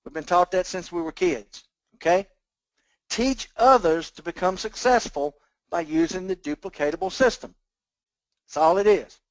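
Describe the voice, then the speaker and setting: A man's voice: high voice, lively intonation, moderate pace, no echo. An older man leading a motivational business coaching talk over a phone conference line, folksy and plainspoken, often checking in with his listeners. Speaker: business trainer leading a team call.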